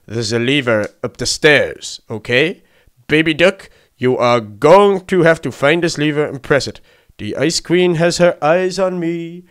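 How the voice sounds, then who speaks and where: A man voicing a male pirate captain who speaks low, hushed and urgent, as if being watched. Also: expressive, a little slow.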